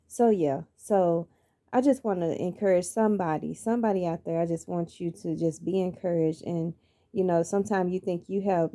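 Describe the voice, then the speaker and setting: A middle-aged woman with a fairly low-pitched, dark voice tells her life story as a motivational monologue. She speaks earnestly, like a preacher, repeating phrases for emphasis.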